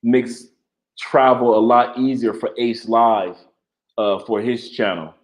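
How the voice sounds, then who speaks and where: A man's voice: mid-range voice, steady tone, takes it slowly. Reflective man in casual chat. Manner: reflective, repeats words while gathering thoughts.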